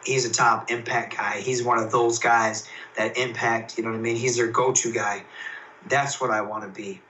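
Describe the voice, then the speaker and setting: A man, a professional wrestler, telling stories in a casual interview, excitable and rambling with lots of fillers and restarts. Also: medium pitch, moderate pace, far from the mic, a little hiss or hum, poor audio.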